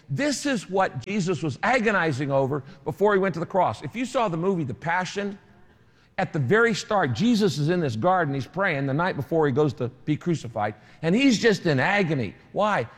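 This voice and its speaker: High-voiced man preaching in a hall. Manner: emphatic preaching with dramatic pauses. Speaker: pastor. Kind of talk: sermon.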